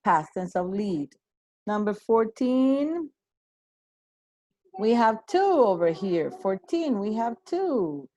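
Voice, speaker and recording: Bilingual woman teacher, slow and dry. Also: medium pitch, big pitch swings, mellow, no room sound. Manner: switches between English and Spanish, encouraging; praises students by name. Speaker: English teacher. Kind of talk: online class teaching.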